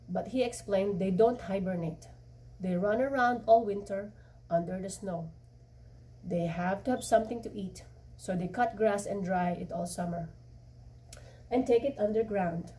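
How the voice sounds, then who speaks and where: A woman reads a novel chapter aloud in a mellow, soft-edged voice. She stumbles now and then and restarts lines. Her voice sits a little back from the microphone. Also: medium pitch, far from the mic. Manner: halting, with restarts and slips. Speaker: reader.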